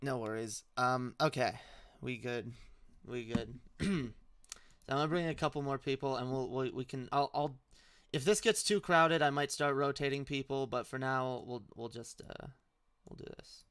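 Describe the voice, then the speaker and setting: A man's voice: mid-range voice, normal speed, fairly bright tone, smooth, dry recording. A young man hosting a live stream with call-ins, chatting casually with loose slang, swearing and many restarts.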